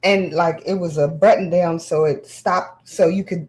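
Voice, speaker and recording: A woman in casual chat, telling a candid personal story with animated, frank delivery. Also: fairly low pitch, moderate pace, rough recording.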